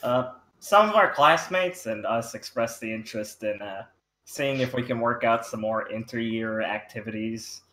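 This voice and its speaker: Guy playing a tabletop rpg, polite kinda unsure, bright voice, echoey room. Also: mid-range voice, moderate pace, a little hiss or hum. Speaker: player. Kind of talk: in-character tabletop role-play.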